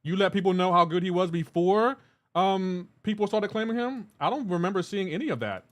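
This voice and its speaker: A man's voice: high-pitched, fairly quick. Chatty man streaming a mobile game. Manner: talks to chat viewers while playing, loose and chatty. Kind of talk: casual live-stream chat reading comments.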